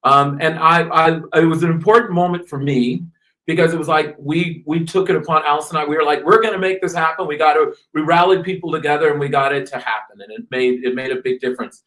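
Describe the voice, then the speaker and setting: A fashion designer from North Carolina in the American South tells stories animatedly as a guest on a radio interview. His voice is fairly high and fast, and he frequently restarts his sentences.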